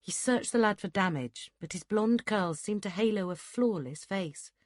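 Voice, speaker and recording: A woman reads an audiobook in a steady, measured way, delivering scripted narration. Her pitch is medium, and the recording is dry, with clean studio sound.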